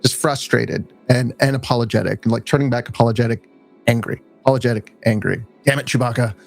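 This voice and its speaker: A man's voice: steady tone, brisk, gravelly, a little mellow, faint music behind. A man playing a tabletop game online, rambling with fillers as he describes what his character does. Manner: rambling, many fillers, acts out lines in a high voice. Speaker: player.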